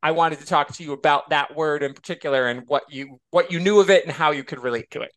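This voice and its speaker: A man from the United States co-hosts a casual podcast chat, voice pitched a little higher than most men's. He talks in an animated, rambling way, wandering off on tangents as he goes. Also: fast talker. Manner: animated, digressive. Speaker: podcast co-host.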